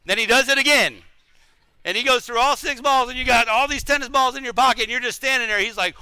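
A middle-aged man teaching a conversational sermon, animated and self-deprecating, often repeating words as he goes. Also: extremely high pitch, fast, clean tone, dry recording.

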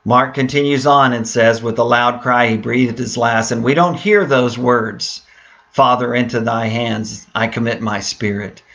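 A man's voice: medium pitch, steady tone, unhurried, vocal fry, a bit bright. Earnest male pastor preaching. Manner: earnest, reads scripture aloud with rising emphasis; hesitant fillers, repeats words. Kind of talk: sermon.

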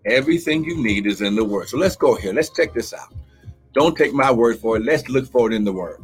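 A man preaching a livestream sermon as pastor, teaching slowly, then shouting, crying out and speaking in tongues. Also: medium pitch, lively intonation, breathy edge, faint music behind. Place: church livestream with music behind.

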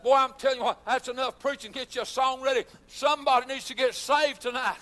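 High-voiced shouting preacher. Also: male voice, steady tone, brisk, few pauses. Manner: fervent preaching, frequent "uh" fillers, bursts of shouting. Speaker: pastor. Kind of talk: sermon. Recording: long hall reverb.

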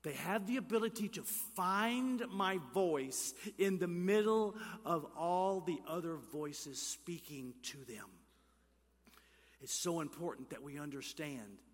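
A male pastor preaching a sermon, rising to emphatic calls, dropping to hushed near-whispers, and asking the congregation questions. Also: fairly high pitch. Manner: asks the congregation questions and leads call-and-response. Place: church sanctuary. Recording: church hall reverb.

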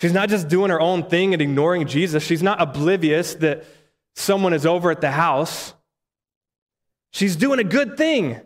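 A man's voice: a little high, expressive, normal speed. Conversational male preacher in a reverberant hall. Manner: conversational, with rhetorical questions. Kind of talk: sermon.

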